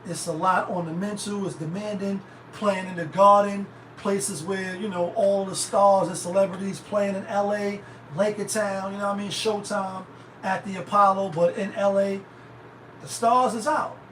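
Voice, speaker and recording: A man's voice: high voice, flat delivery, moderate pace, a bit bright. A man hosting a show, talking in a loose, profane, rambling way. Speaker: host. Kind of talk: casual commentary. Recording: roomy, distant, noisy.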